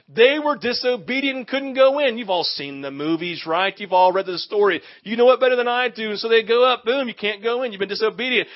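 A man preaching a sermon, animated and asking the congregation questions, acting out what people in the story say. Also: sits high, lo-fi sound. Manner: animated, acts out quoted voices, asks the audience questions. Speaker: pastor.

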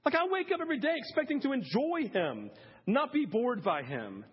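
A man preaching a sermon in a conversational way, with many "like"s and "listen"s, swinging from hushed to loud. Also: very high-pitched, very animated, normal speed, husky. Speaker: pastor. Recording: dull lo-fi sermon audio.

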